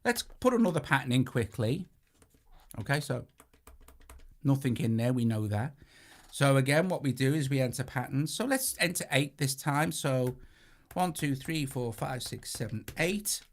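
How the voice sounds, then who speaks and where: Very animated and medium-pitched, a man with a British accent speaks at a moderate pace while guiding viewers through a synthesizer hands-on. He chats casually and corrects himself between button presses as synth sequences play.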